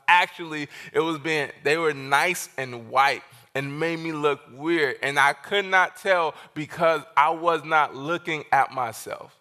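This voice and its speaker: A man's voice: on the high side, measured pace, hardly any pauses, bright, forceful tone. A man preaching as a guest pastor, telling a story with animation and acting out the dialogue. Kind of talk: sermon.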